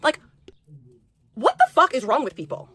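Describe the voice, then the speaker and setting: A woman's voice: high-pitched, huge pitch swings, moderate pace, a bit bright, slightly rough, no echo. A woman livestreaming an angry rant, profane and repeating herself.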